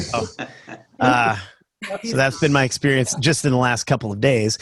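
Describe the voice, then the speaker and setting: A man's voice: mid-range voice, quick pace. A man in his fifties doing a stand-up comedy set over a video call, telling jokey stories with lots of fillers. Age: 50s.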